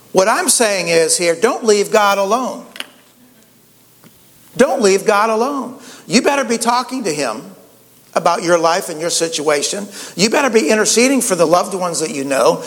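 A man's voice: high voice, fairly bright tone, long reverb tail. A pastor preaching a conversational sermon, often repeating words and saying "you know" as he goes.

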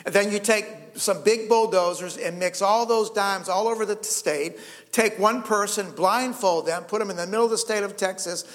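A man preaching a sermon, emphatic, checking in with the congregation with quick "okay?" and "right?" asides. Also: high voice, a bit bright. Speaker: pastor. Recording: long hall reverb.

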